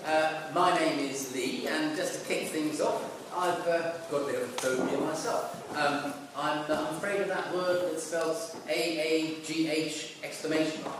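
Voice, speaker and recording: A man's voice: on the high side, steady tone, moderate pace. Hesitant man hosting in an echoey hall. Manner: hesitant, many fillers. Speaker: workshop host at a comedy event. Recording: echoey hall, distant mic, noise.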